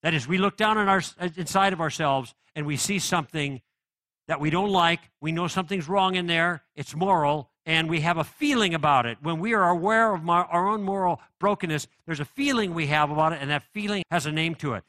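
A middle-aged man lectures on faith and reason with a bright, pressing voice, asking the room rhetorical questions as he builds his case. His pitch sits a little high for a man, and the sound is dry and close. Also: brisk, no echo. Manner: conversational and persuasive, with rhetorical questions. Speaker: Christian apologetics speaker. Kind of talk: live apologetics lecture.

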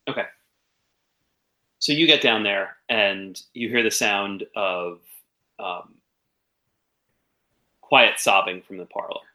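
A man narrating a tabletop game as game master. His voice sits a little low but sounds bright and sharp, and he talks casually and hesitantly with many fillers. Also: slow pace, long pauses, low-quality recording.

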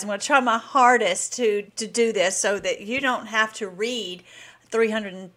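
A woman's voice: mid-range voice, moderate pace, fairly bright tone. A woman hosting a casual commentary vlog. She talks enthusiastically and rambles, with frequent restarts. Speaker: host.

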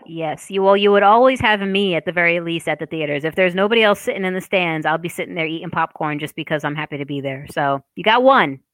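A woman's voice: fairly low pitch, fast, hardly any pauses, fairly bright tone, no echo. A woman from Boston hosting a podcast in casual chat, playful and laughing often. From Boston, Massachusetts. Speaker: podcast host.

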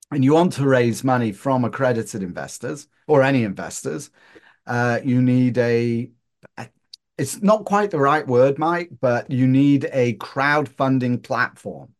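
Northern English man in his sixties, interview guest, dry self-mocking humour, mid pitch. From Northern England. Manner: joking, self-deprecating storyteller. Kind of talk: casual interview chat.

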